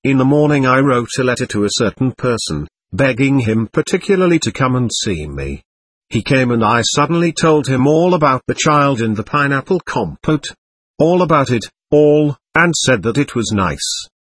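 A man voicing an excitable, capricious teenage girl, talking intensely and darting between teasing and pleading. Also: mid-range voice, moderate pace, husky, no room sound. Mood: feverish.

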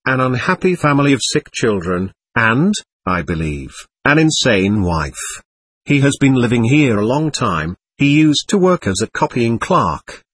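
A man's voice: mid-range voice, a bit bright, husky, no echo, heavily acted. A man voicing a proud young society woman, formal but flustered and indignant.

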